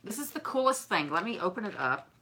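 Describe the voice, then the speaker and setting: Against background noise, a craft and decor vlogger with a medium-pitched, sing-song voice talks fast. She chats casually and effusively to her viewers while unboxing the gifts they sent her.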